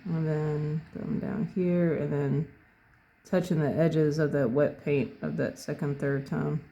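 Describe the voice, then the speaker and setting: Gravelly mellow voice, painting tutorial, slow and thinking out loud. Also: medium pitch, level tone, muffled recording. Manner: unhurried, thinking aloud step by step. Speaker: painting instructor.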